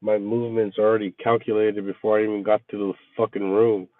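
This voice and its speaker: A man telling a casual, profane story about his workday, venting with animated energy. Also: on the low side, brisk, no room sound. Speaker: resort maintenance worker chatting with viewers. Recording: tinny phone-like, dry sound.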